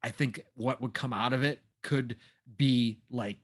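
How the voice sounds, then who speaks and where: A man in his forties co-hosting a gaming podcast, easygoing and quick to laugh. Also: mid-range voice, fairly even intonation. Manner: easygoing, laughs often, trails off softly. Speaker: podcast co-host. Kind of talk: casual gaming podcast chat.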